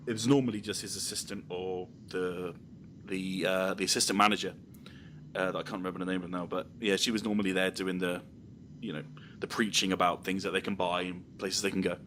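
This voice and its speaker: A man's voice: deep voice, flat delivery, fairly quick, fairly bright tone, a little hiss or hum. A young man hosting a podcast, telling rambling anecdotes in casual chat with lots of ums. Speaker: podcast host.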